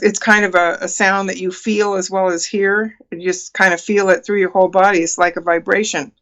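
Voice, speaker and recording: Speaking fairly low and a bit bright, this sixty-something woman is a guest on a talk show. She recounts something from her own life in earnest, stumbling through many fillers and restarts as she tells the story in the interview.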